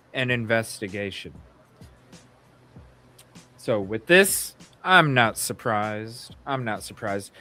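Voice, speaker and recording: Male talk-show co-host, mid-pitched voice, blunt, opinionated, casual cursing, rambling delivery, faint music underneath. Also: pushed and bright. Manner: rambling with frequent restarts. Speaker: podcast co-host. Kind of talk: casual true-crime talk show chat.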